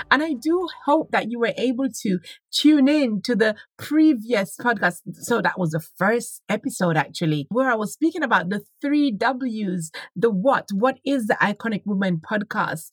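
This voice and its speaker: A woman's voice: a little high, slightly rough, no echo. A middle-aged woman with a Jamaican accent hosting a podcast, chatting personally and reading a story aloud, often repeating her words as she goes. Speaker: podcast host. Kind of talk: casual podcast monologue with a read-aloud story.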